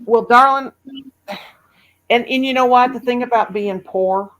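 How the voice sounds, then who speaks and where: A woman's voice: fairly high pitch, unhurried, a bit bright, low-quality recording. A woman from Missouri, hosting a casual livestream chat in a homey, emotional way and calling her viewers honey and darling. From Missouri, USA. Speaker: livestream host.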